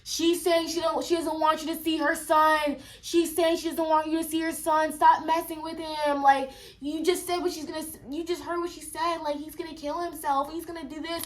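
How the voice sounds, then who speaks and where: A woman's voice: high voice, flat delivery, normal speed, hardly any pauses, voice pushed up, natural voice, rough recording. A young woman voicing her own harsh, scolding mother, who repeats herself as she scolds.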